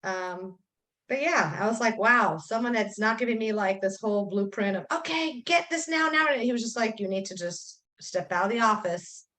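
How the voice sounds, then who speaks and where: A woman's voice: mid-range voice, normal speed. Talkative woman on a video call. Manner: talkative, animated, quotes herself and others. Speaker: coaching student sharing her story. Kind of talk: emotional, chatty testimonial.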